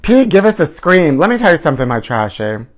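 A man with a fairly high voice hosts a live gossip stream from home. His delivery is campy and theatrical, with terms of endearment for his viewers and dramatic swoops into mock outrage. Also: sing-song, fairly quick. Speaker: host of a live celebrity gossip show.

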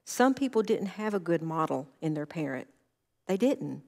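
A woman's voice: lowish voice, big pitch swings, moderate pace, darkish tone. A woman counselor giving a conversational church talk, earnest and full of stories. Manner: earnest, anecdotal, acts out quoted dialogue.

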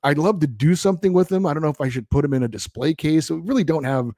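A man hosting a hockey podcast, reading listener emails and answering in a relaxed, rambling way with frequent ums and restarts. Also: a little high, quick pace, dry recording, clean studio sound. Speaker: podcast host.

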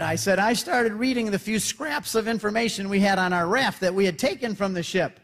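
Man, high voice, animated storytelling talk, acts out voices, long hall reverb. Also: brisk, few pauses. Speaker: Catholic speaker.

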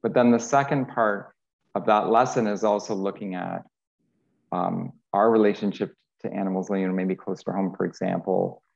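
Man, geography teacher, halting with fillers, gravelly low voice. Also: steady tone, a little mellow, highs cut off. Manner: halting, many fillers and repeats. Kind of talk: panel talk on teaching.

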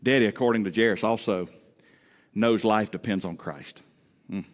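A male pastor preaching a Father's Day sermon, telling homey stories with humor and swinging between loud emphatic rises and quiet drops. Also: on the low side, moderate pace. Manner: folksy storytelling with humor. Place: church sanctuary. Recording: echoey church hall.

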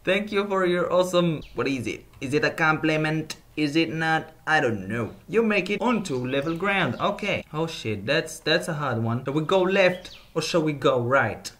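A man's voice: a little high, expressive, moderate pace, hardly any pauses. A man doing casual let's-play commentary, goofy and laughing as he talks back to the game. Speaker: gaming YouTuber. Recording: voice over loud game music.

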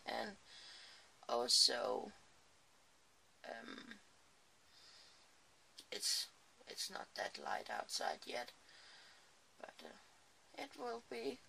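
A crafting vlogger chats sleepily in her small home craft room early in the morning, rambling and adding apologetic asides as she works. Her fairly high voice is expressive, creaky, pushed and bright, and she speaks very slowly with long pauses. There's slight background noise.

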